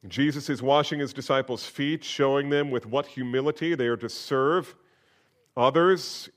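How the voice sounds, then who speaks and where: Emphatic male preacher. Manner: emphatic, with sudden rises in pitch and volume. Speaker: pastor. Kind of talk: sermon.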